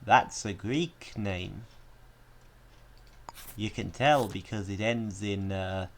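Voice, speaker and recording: A man's voice: on the low side, takes it slowly. A young man giving playful gameplay commentary, mock-menacing and swearing often. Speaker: gaming YouTuber.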